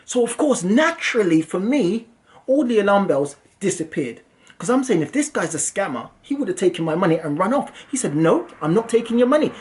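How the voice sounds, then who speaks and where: A young English man, a property investor and channel host, telling a story for his vlog in an animated, self-mocking way. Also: high voice, brisk. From England.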